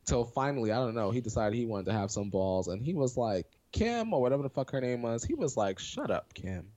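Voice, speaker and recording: A woman co-hosting a casual chat, telling stories in an animated, profane way. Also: rumbling low, fast, lo-fi sound. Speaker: podcast co-host.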